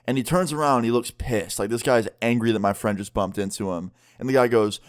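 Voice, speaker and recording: A man's voice: mid-range voice, brisk. A man in his twenties telling a story on a vlog in a casual way, using lots of fillers. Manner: casual storyteller, heavy use of "like". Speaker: vlogger.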